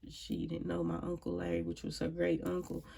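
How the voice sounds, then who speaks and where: A woman's voice: on the low side, completely flat delivery, moderate pace, creaky, dark tone, breathy edge. A grieving woman talks to camera at home in a casual personal monologue. She is reflective and sighing, with frequent prayerful exclamations. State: grieving, emotionally drained. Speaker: vlogger. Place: at home, indoors.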